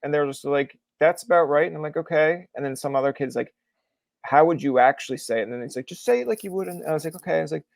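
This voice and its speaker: A man's voice: on the high side, fast, vocal fry, dry recording. A young man from Canada hosting a podcast, chatting casually and acting out the people in his stories. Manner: animated storyteller, acts out quoted people. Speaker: podcast host. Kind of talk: casual chat.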